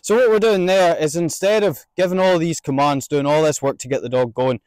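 A man training a sheepdog outdoors, explaining each step and calling out drawn-out commands to his dog between explanations. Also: a little high, darkish tone, no echo. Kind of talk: outdoor instructional demonstration.

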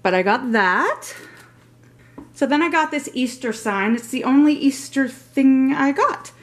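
A woman's voice: high-pitched, animated, unhurried. Middle-aged lady vlogging her haul, chatty, gushes over everything, rambles a bit. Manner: chatty and gushing, rambling asides. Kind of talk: casual show-and-tell vlog.

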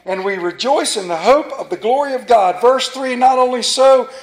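A man preaching a sermon as a pastor, folksy and playful with a rural Maryland accent, dropping to a hushed, reverent tone. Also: very high voice, normal speed.

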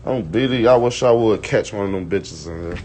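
A young man with a Chicago accent ranting on a phone live stream, boastful and loud, swearing and breaking into shouted chants. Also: on the low side, fairly quick, a little hiss or hum. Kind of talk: casual live-stream rant.

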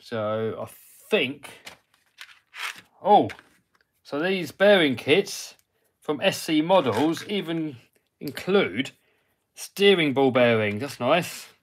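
This British RC hobby host speaks slowly with long pauses, his fairly high voice lively in intonation. He chats his way through building a model truck on a casual livestream, narrating each step and replying to viewers, with slight background noise.

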